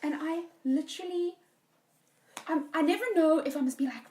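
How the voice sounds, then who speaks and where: A woman's voice: high voice, normal speed, a little mellow. A woman from Namibia co-hosting a casual podcast chat, asking questions in an exasperated way. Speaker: podcast co-host.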